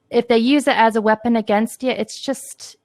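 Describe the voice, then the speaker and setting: A woman's voice: fairly high pitch, a little mellow, no echo. A woman podcaster speaking as a guest in a casual panel conversation, earnest and reassuring, with many fillers.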